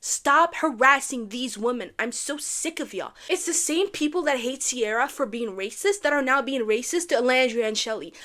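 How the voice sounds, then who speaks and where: A young woman from Canada recapping a reality dating show in a casual, animated way, gushing and repeating lines for effect. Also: high-pitched, normal speed, few pauses.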